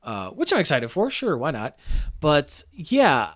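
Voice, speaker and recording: A man's voice: on the high side, wildly swooping pitch, a little slow. A man hosting a casual podcast, chatting about news with lots of fillers and enthusiasm. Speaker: podcast host.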